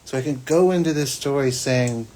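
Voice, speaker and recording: A man, a psychic hosting his own show, telling a personal story in a rambling, restarting way that swings between loud and hushed. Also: mid-range voice, moderate pace. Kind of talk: spiritual podcast monologue, personal storytelling.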